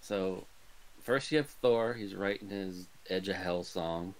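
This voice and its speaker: Low-voiced man recapping a movie dryly. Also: slow, poor audio. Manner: dry, recapping plot with sarcastic quips. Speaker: podcast co-host. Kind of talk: casual movie review chat.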